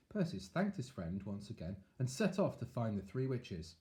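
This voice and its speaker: A man's voice: medium pitch, moderate pace, hardly any pauses. A man reading a picture book aloud to children, with chatty asides. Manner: animated, chatty asides to young listeners. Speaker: storyteller.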